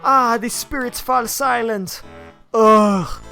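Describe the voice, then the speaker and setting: Grand spirit medium in a put-on Jamaican accent, voiced by a streamer, higher and louder than his own talk, slow and mystical. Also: creaky, faint music behind, heavily acted. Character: theatrical fortune-teller spirit woman.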